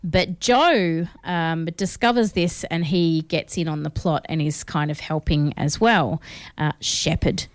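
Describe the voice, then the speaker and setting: A woman's voice: low-pitched, measured pace, no echo. An Australian woman co-hosting a film review show, talking casually and with strong opinions, using lots of fillers. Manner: chatty, opinionated, with frequent fillers. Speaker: film review podcast co-host.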